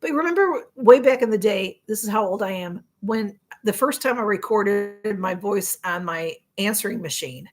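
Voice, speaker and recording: A middle-aged woman with a Chicago accent hosts a live stream in a casual, rambling chat, reading out viewer comments, her voice going a little hoarse. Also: mid-range voice, normal speed, hardly any pauses. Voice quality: rambling, chatty, with frequent fillers and restarts. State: voice getting hoarse.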